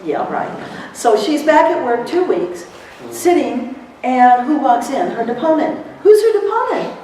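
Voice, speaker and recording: A middle-aged woman giving a lively motivational seminar to court reporters, telling stories and acting out what people said, laughing often. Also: high voice, measured pace, slight background noise. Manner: animated storyteller, laughs often, acts out quotes. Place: seminar hall. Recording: echoey hall, recorded from far off.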